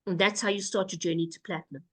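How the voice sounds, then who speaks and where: A woman walks listeners through the rules on a video call. She is brisk and instructive, and drops in playful asides. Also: on the low side, steady tone. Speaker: presenter. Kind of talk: casual webinar presentation.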